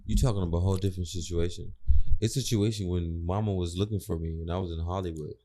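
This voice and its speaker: A man's voice: deep voice, steady tone, fast, dark tone. A man on a podcast, telling a story in slangy, swearing casual chat with laughs. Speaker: podcast co-host.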